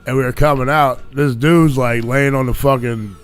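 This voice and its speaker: A man's voice: mid-range voice, steady tone, normal speed, clean tone, soft background music. A man co-hosting a podcast, telling a brash, profane story in casual chat. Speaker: podcast co-host.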